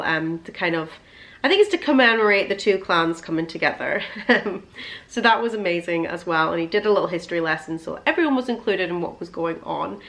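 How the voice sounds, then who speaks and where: A woman's voice: fairly low pitch, fairly bright tone. A young woman chatting casually to camera as a vlogger, telling a long story in a gushing, emotional way with plenty of fillers.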